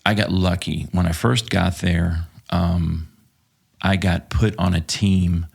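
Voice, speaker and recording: Podcast guest from Texas, ex-cop, husky voice, profane and halting storyteller. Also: male voice, low-pitched, fairly even intonation. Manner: profane, hesitant with many fillers. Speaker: podcast guest, former police officer. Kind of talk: casual storytelling.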